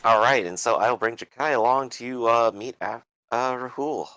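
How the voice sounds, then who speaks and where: A man in a tabletop role-playing session tosses in deadpan jokes between the other players. His voice sits in a middle range. The sound is dry and close, with no room around it. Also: mid-range voice, moderate pace, no echo. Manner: deadpan, joking asides. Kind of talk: tabletop game chat.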